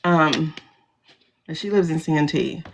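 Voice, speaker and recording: A woman hosts a casual livestream from her phone, speaking bluntly and animatedly, laughing a lot and swearing freely. Her voice sits low with vocal fry, she talks slowly, and there's a little hiss or hum in the audio.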